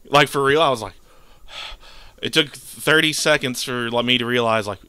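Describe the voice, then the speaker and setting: A man's voice: medium pitch, normal speed, bright, forceful tone, clear, resonant tone, dry recording. A young man telling a rambling, crude dream story in a casual podcast chat. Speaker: podcast co-host.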